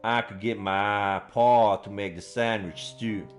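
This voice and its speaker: A man's voice: lowish voice, steady tone, takes it slowly, faint music behind. A man voicing an earnest, easily flustered young man with a put-on Southern accent, reading a visual novel aloud. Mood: gruff.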